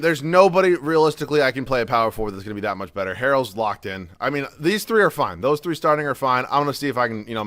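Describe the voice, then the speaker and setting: Casting note: young male gaming YouTuber, casual and foul-mouthed, ranting over gameplay, dry close sound, mid-pitched. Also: a bit bright, no room sound. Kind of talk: gameplay commentary.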